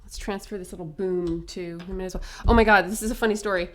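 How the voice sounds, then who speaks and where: A woman giving a casual face painting tutorial, chatty and upbeat, full of asides and quick tag questions. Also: mid-range voice, steady tone.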